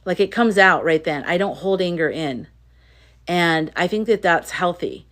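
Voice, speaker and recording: A woman's voice: fairly low pitch, unhurried, a bit bright. A woman hosting a casual livestream, chatting and reading viewer comments in an emphatic way, often repeating herself. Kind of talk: casual live chat.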